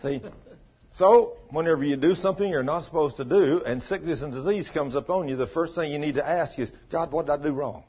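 A preacher with a husky, slightly high voice, telling a folksy story in a small church and acting out each person's lines. The recording sounds muffled and lo-fi. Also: male voice, a little fast. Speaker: pastor. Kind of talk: sermon.

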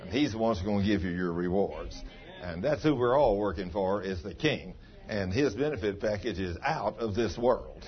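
Husky folksy man preaching a sermon. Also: on the low side, moderate pace, soft background music. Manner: folksy, ungrammatical country speech. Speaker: pastor. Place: church. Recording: dull lo-fi sound.

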